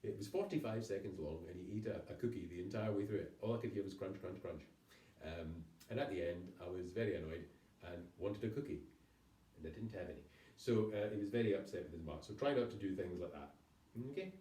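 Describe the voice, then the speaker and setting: A man's voice: deep voice, a little fast, mellow, recorded from a distance. A man giving a recorded university lecture, rambling with self-corrections and wry asides. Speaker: university lecturer, program leader. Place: room by a town hall. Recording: echoey room, voice off-mic.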